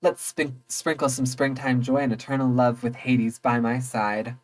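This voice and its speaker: A woman's voice: very deep voice, little pitch movement, normal speed, a little mellow, poor audio. A woman voicing a proud, devoted young spring goddess in a game, lofty and theatrical. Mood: indignant.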